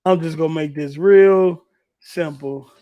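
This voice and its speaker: A man hosting a gaming livestream in a relaxed, profane, running commentary as he sets things up. His voice sits a bit higher than most men's. The sound is close and dry, with no room around it. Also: unhurried, no echo, dull audio. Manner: loose, profane, talks while fiddling with clips. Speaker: livestream host. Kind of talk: casual livestream chat.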